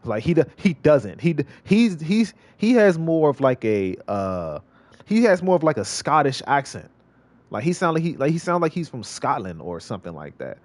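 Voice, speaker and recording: A man's voice: on the high side, sing-song, normal speed, darkish tone, no echo. A male streamer giving casual gameplay commentary, rambling and repeating himself with many restarts. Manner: rambling, repetitive, lots of restarts.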